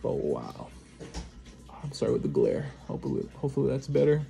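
A man giving casual unboxing commentary as he opens trading card packs, reading off cards one by one and breaking into excited exclamations and quick apologies. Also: mid-range voice, creaky, faint music behind. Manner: names cards one after another, bursts into excited exclamations, apologizes often. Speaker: trading card pack opener.

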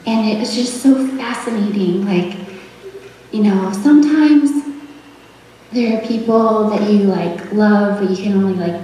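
A young woman giving a tender, rambling memorial tribute, laughing softly between her thoughts. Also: mid-range voice, a little slow, slight background noise. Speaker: daughter giving a eulogy. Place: memorial service hall. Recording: echoey hall, heard from far off.

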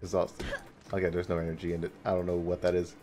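A young man giving casual gameplay commentary as a streamer, excitable, laughing often and yelping and swearing at enemies. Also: deep voice, quick pace, faint music behind. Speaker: gaming streamer.

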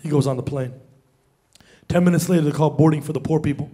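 A young man performing an animated stand-up comedy routine on stage, acting out voices as he tells a story. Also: on the high side, fast talker, husky. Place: stage before a live audience.

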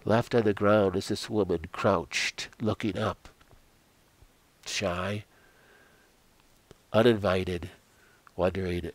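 An older man giving an earnest devotional sermon, telling stories dramatically and sinking into quiet prayer. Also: low voice, fairly even intonation, slow pace, pauses often, no echo. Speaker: Christian health coach.

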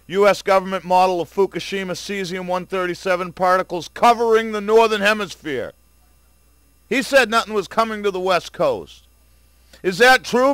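A man's voice: high voice, a bit bright, dry recording. A man rants into the camera with a raised, tense voice, swearing freely and mocking his viewers. His anger stays at a boil throughout, with a sarcastic edge. The recording is dry, with no room sound around him. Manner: furious, profane and sarcastic. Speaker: vlogger. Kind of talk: angry video rant.

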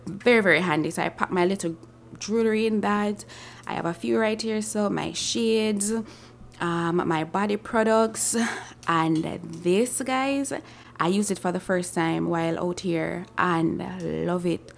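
Woman vlogger, husky and sleepy, chatty and casual. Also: on the low side, unhurried, slight background noise. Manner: chatty, shows items to camera. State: just woke up, tired. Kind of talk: casual travel vlog.

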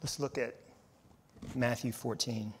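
A man's voice: medium pitch, fairly even intonation, measured pace, in a large hall, a little hiss or hum. A man, a head pastor, preaching a sermon in an emphatic way, repeating words and reading scripture aloud.

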